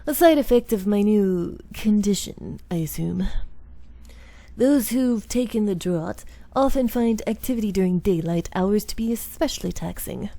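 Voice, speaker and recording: A woman voicing a calm, solemn samurai man. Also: mid-range voice, creaky. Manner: measured, solemn, quiet delivery. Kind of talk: reading game dialogue aloud in character.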